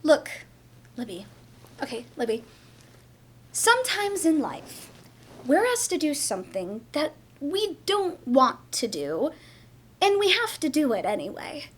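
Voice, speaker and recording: An actress playing a pushy, exasperated mother in a theatre monologue, nagging and swinging between coaxing and shouting. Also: high-pitched, huge pitch swings, measured pace, long pauses, exaggerated voice. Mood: scolding. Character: pushy exasperated mother scolding a silent daughter. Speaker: stage actor.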